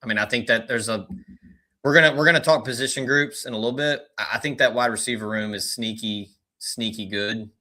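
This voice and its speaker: A man guesting on a sports podcast as a recruiting analyst, talking in relaxed, filler-heavy casual chat. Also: medium pitch, fairly quick.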